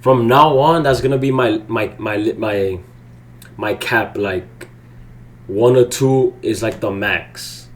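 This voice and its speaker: A young man livestreaming his day trading, swearing and swinging between low muttering and loud outbursts. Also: takes it slowly. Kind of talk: live streaming commentary.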